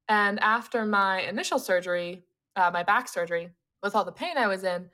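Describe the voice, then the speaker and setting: A young woman in casual chat, telling a personal story with lots of laughter and animated asides. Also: fairly low pitch.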